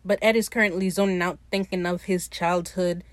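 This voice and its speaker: A woman's voice: fairly low pitch, fairly even intonation, brisk. A woman hosting a podcast, giving a casual, slangy and profane recap of a TV episode. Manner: slangy, profane, retells scenes by acting out lines.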